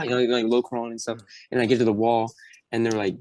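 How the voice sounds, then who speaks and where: A young man telling a story as a podcast guest, animated and acting out the voices of people in his story. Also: medium pitch, fast talker, no room sound. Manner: animated, acts out quotes. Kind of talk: casual storytelling.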